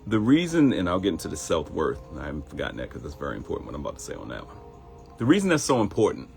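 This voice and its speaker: Deep-voiced man with lively delivery. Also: racing, vocal fry, soft background music. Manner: animated, repeats phrases, laughs at own jokes. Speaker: host of a live morning show. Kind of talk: motivational live-stream talk.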